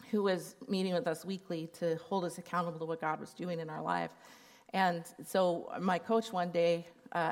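A middle-aged woman gives a candid, emotional personal testimony at a church conference. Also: fairly low pitch. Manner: candid and emotional, laughing while telling the story. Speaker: conference speaker.

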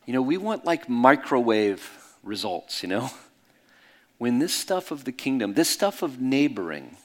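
A middle-aged man preaching in a candid, conversational way, swinging between loud bursts and soft hushed asides. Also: mid-range voice, very animated, a little slow. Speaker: pastor. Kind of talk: sermon storytelling.

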